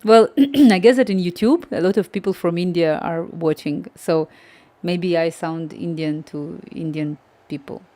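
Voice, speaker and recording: A woman with a non-native English accent chatting casually on a live coding stream from home. She talks haltingly, hunts for words and laughs lightly. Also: lowish voice, fairly even intonation, dark tone.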